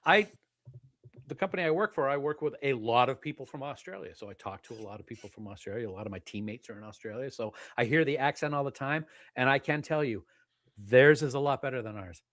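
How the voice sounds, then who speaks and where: A man's voice: medium pitch, expressive, quick pace, fairly bright tone, no echo, clean studio sound. Easygoing man co-hosting a live stream. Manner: easygoing, agreeable, laughs often. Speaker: podcast co-host. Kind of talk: casual live-stream chat.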